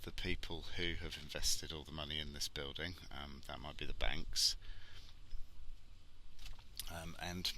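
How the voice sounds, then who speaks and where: A man's voice: extremely low pitch, fairly even intonation, unhurried, gravelly, pauses often, pushed and bright, slight background noise, low-quality recording. A man who is a property expert, giving blunt, sarcastic vlog commentary while driving a car. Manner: blunt and sarcastic, swears freely.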